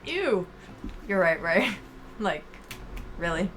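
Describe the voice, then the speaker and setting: Midwestern woman streamer, unhurried game read-aloud, quick to laugh, faint music underneath. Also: medium pitch. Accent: American Midwest. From American Midwest. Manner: playful, laughs often, reads in a slow storytelling way. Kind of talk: reading a dating game aloud with playful commentary.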